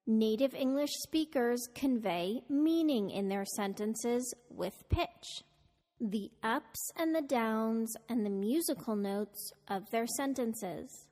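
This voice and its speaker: Female podcast narrator, higher voice, slow and carefully enunciated, with long reverb on the clip. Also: dark tone. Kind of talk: scripted lesson narration.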